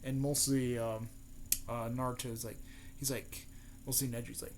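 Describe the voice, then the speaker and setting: A man's voice: mid-range voice, flat delivery, normal speed, pauses often, a little mellow, slight background noise. A young man casually rambling through fan speculation, swearing often and leaning on fillers. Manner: rambling, profane, many fillers. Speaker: fan video host.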